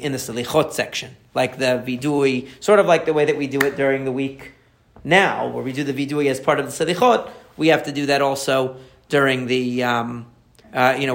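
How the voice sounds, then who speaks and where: A man, a rabbi, explaining prayer in a conversational lesson, answering a listener's questions and repeating key phrases as he warms up. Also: medium pitch, creaky.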